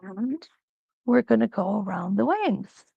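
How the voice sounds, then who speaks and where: A woman hosting a live quilt-along, talking slowly and reassuringly as she thinks aloud through each stitching step. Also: mid-range voice, animated, vocal fry, breathy edge, no echo, lo-fi sound. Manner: slow, reassuring, thinks aloud while sewing.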